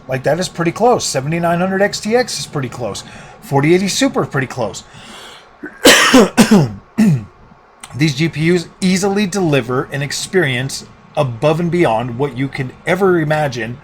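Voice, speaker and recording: Rambling sarcastic tech YouTuber. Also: male voice, on the high side, a little hiss or hum. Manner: rambling, restarts often, dry sarcasm. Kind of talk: casual talking-head commentary.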